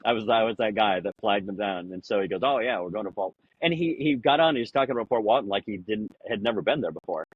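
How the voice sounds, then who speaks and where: A man with a husky, somewhat breathy voice rambles through anecdotes, filling his talk with "you know" and jumping into higher voices for the lines he quotes. The sound is dry and a little dull, like a simple podcast mic. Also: animated, quick pace, few pauses, dry recording. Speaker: podcast guest. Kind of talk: casual conversational storytelling.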